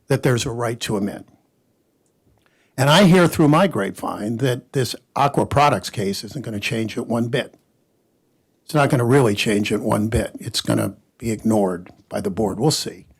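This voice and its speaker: A man, a patent lawyer on a conference panel, telling an animated story and quoting others in character. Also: medium pitch, slightly rough. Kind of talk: anecdotal panel talk.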